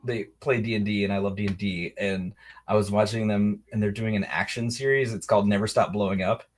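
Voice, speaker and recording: A young man co-hosting a casual podcast chat, laughing often and quoting movie lines in a squeaky put-on voice. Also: fairly even intonation, a little fast. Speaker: podcast co-host.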